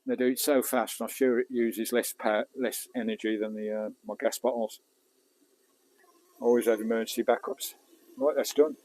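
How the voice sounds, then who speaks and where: Talking as he works and swearing mildly, a vlogger from England keeps up a casual live-stream chat from a beach and his camper van. He speaks at a moderate pace in a medium-pitched, slightly mellow voice with little pitch movement, through a clip-on mic whose distance shifts.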